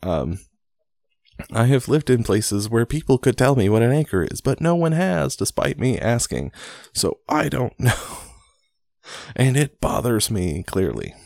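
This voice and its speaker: A man's voice: medium pitch, big pitch swings, vocal fry, darkish tone, dry recording, clean studio sound. A man reading a book aloud and breaking off for wry, self-deprecating comments, with fillers and restarts as he goes. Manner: wry, self-deprecating asides between read passages; reads slowly with frequent fillers and restarts. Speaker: reader and commentator.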